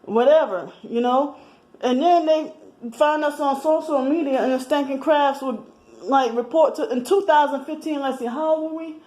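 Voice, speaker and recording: A woman's voice: high-pitched, moderate pace, mellow, low-quality recording. A woman in her thirties talking in a rambling personal monologue, slightly out of breath, with many restarts and fillers. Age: 30s. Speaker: vlogger.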